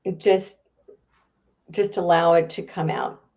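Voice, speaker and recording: A woman, a guest author and speaker, answering in a podcast interview with a chatty, animated manner and frequent laughs. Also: lowish voice, takes it slowly.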